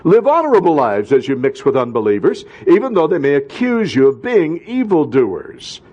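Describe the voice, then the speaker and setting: Pastor guy preaching, husky, voice goes way up and down, kinda high. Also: huge pitch swings, normal speed, highs cut off. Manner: preaching with rising emphatic calls and quiet drops. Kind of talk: sermon.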